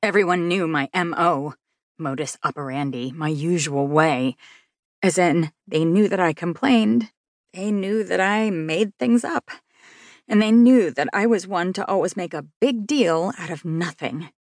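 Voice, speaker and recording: A woman's voice: lowish voice, unhurried, darkish tone, dry recording, studio quality. A woman narrating a novel in the first person with a wry, confiding manner. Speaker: audiobook narrator.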